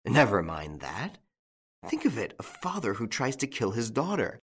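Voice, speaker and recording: A man's voice: medium pitch, huge pitch swings, normal speed, slightly rough. A man voicing a shaken old male doctor in a storybook reading, pleading and agitated.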